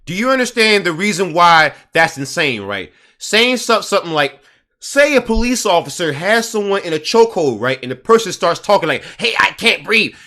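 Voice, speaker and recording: A man's voice: high-pitched, big pitch swings, moderate pace, pushed and bright. A man giving indignant casual commentary, hammering his points with repetition and reading passages aloud from an article.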